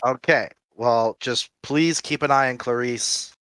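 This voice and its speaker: A man's voice: medium pitch, measured pace, fairly bright tone, dry recording. A man playing a tabletop game, hesitant and a bit pleading. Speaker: player. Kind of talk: casual tabletop play.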